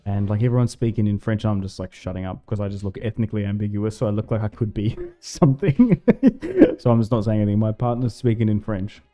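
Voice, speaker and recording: A man's voice: fairly low pitch, lively intonation, quick pace, dark tone, faint music behind. Man chatting as he streams a game. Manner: rambling, laughing often, lots of fillers. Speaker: gaming livestreamer. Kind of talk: casual chat while streaming a strategy game.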